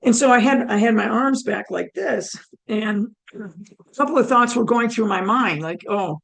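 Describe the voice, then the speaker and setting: Gravelly-voiced woman telling her story. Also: a little high, normal speed, poor audio. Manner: animated storyteller, acts out her own past thoughts in quoted asides. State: hoarse, damaged throat. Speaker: guest telling her near-death story. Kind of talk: personal storytelling.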